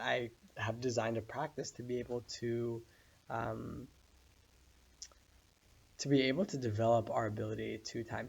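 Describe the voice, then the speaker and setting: A man giving a casual spoken meditation lesson, telling a story in a relaxed way with many fillers. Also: mid-range voice, gravelly, slightly rough, highs cut off. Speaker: meditation course teacher.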